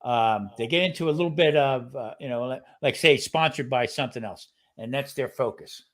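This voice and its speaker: A man's voice: mid-range voice, moderate pace. A man co-hosting a podcast, talking casually and emphatically, pressing his points with "okay" and "you know what I mean". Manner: emphatic, says "okay" to drive points home. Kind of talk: casual chat.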